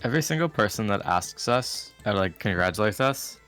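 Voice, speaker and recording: A player in a tabletop game, joking in a playful, deadpan way. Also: mid-range voice, brisk, faint music behind. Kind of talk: casual chat during a tabletop game.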